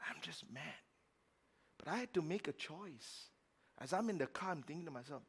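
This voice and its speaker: A middle-aged man preaching a sermon as pastor, telling a story with emphatic repetition and sudden swings between loud and quiet. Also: fairly high pitch, big pitch swings, normal speed, slightly rough. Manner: repeats words for emphasis.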